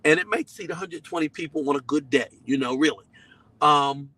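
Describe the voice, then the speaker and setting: A man's voice: a little high, normal speed, bright, forceful tone, no room sound, low-quality recording. A middle-aged man, a pastor, preaching in a conversational, emphatic way, often repeating key phrases. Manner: slips into voices when quoting people. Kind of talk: sermon-style teaching to a live online audience.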